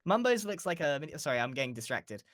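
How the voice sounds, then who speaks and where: A man's voice: on the high side, sing-song, fast talker, a bit bright. An English-accented man chatting casually in a Minecraft session, giggly and easily distracted. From England. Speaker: fellow Minecraft player. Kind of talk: casual gameplay chat.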